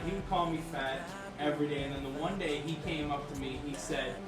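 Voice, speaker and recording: A man's voice: a little high, a little fast, music in the background. Blunt self-mocking man, roomy distant sound. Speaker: friend sharing memories. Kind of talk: casual storytelling.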